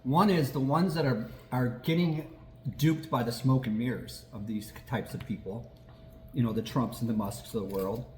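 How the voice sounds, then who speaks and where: A man hosting a casual political chat, animated and quick to laugh, swearing and acting out quotes as he talks. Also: mid-range voice, roomy sound, a little hiss or hum. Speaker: podcast host.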